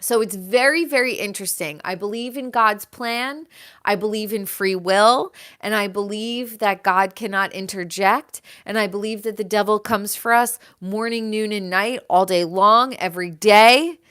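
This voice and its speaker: A woman's voice: medium pitch, normal speed, fairly bright tone, smooth. A woman hosting her own live show, talking in a rambling, emphatic way full of "like". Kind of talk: casual livestream monologue.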